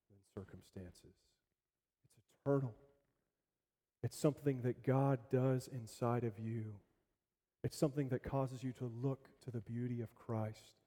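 A man preaching a sermon as pastor, telling stories animatedly and swinging from loud bursts to hushed asides. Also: high-pitched, big-room sound. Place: church hall.

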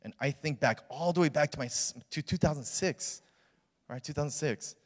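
A man's voice: a little high, normal speed. A young man, a youth pastor, telling a personal story in a sermon in a casual, earnest way with many fillers. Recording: long reverb of a large hall.

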